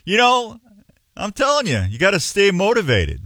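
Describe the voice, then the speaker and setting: A man's voice: sits high, wildly swooping pitch, moderate pace, a bit bright, no echo, clean studio sound. A middle-aged man hosting a show in a rambling, folksy, self-mocking way. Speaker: radio show host. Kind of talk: casual on-air chat.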